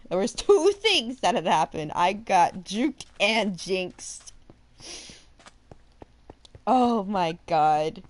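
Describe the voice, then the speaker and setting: Woman, substitute teacher, unhurried and animated storyteller with lots of melodic rise and fall. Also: mid-range voice. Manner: animated, laughs through her story, dramatic emphasis. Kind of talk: casual storytelling.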